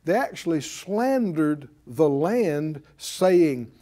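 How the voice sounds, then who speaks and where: Mellow-voiced, emphatic male preacher. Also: sits high, very animated, unhurried. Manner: emphatic, pleading, repeats phrases for weight. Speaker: pastor. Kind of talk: sermon.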